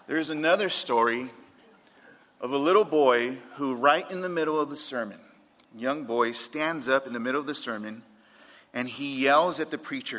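Guy preaching a sermon in church, bright sharp voice, big echoey reverb. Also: mid-range voice, moderate pace. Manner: repeats key points, tells light anecdotes. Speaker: pastor. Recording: long reverb of a large room.

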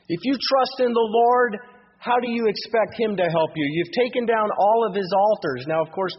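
A man preaching verse by verse, reading the scripture and then putting it into plain modern words. His voice is a bit husky, and it sits in a long, ringing reverb. The whole thing sounds like an older, muffled radio broadcast. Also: on the high side. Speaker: pastor. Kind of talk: verse-by-verse Bible teaching.

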